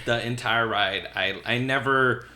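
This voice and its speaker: A young man co-hosting a podcast, telling stories in an animated, casual way with some swearing. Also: medium pitch, a little slow, a little hiss or hum. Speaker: podcast co-host. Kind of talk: casual chat.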